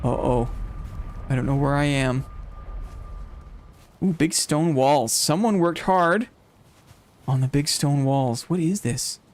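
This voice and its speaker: A man streaming a game live, commenting casually and getting excited and gushing as he explores. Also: on the high side, slow, pauses often. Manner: excitable, gushing, laughs often.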